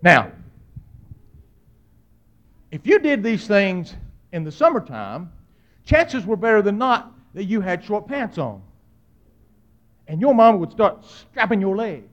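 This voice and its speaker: A middle-aged man delivers a storytelling sermon full of humor. His voice sits high for a man, and he swings between loud, dramatic bursts and quiet, hushed asides. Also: big pitch swings, takes it slowly, long pauses, muffled recording. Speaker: preacher.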